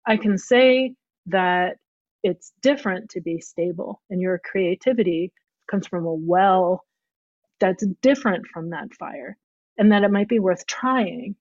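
A woman's voice: on the low side, a little slow, darkish tone, no room sound, muffled recording. A woman speaking as a guest, thinking aloud carefully and often restarting her sentences. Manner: thoughtful, searching, frequent restarts. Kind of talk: reflective conversation.

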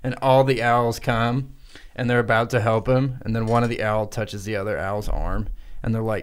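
A man co-hosting a podcast, telling an improvised comic story in a crude, energetic way and laughing as he goes. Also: lowish voice, normal speed. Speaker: podcast co-host.

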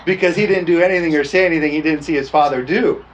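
A man's voice: fairly high pitch, fast talker, a little hiss or hum. A man preaching a storytelling sermon in a folksy, laughing way, often tossing "amen?" to the congregation.

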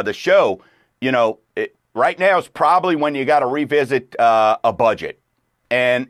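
A man's voice: medium pitch, dry recording, clean studio sound. A middle-aged man hosting a radio talk show in a loose, rambling way, full of fillers. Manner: rambling, laid-back, lots of fillers. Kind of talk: casual chat.

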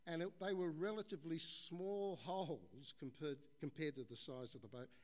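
A man's voice: a little high, moderate pace. A male preacher giving a conversational sermon, addressing the congregation as "folks" and telling stories.

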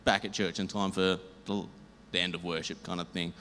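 A man sharing a church testimony, rambling and lively, acting out the dialogue. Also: low voice, brisk. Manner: rambling, animated, acts out dialogue. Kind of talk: storytelling testimony. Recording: reverberant hall, faint noise.

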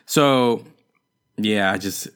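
A young man in casual chat, telling stories in an animated way with lots of slang and swearing. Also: fairly low pitch, very slow, clean tone. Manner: animated storytelling with slangy, profane delivery.

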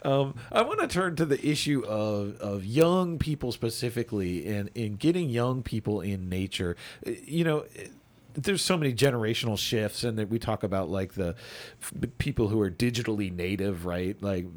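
A middle-aged man hosting an interview, relaxed and encouraging, with short affirmations. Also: fairly low pitch, normal speed. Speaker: radio interview host. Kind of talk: conversational interview.

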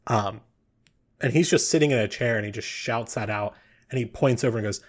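A man runs a tabletop game as its game master, narrating at an easy pace. He speaks in a middle register and pauses often as he describes the scene. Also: mid-range voice. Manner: relaxed, hesitant with fillers.

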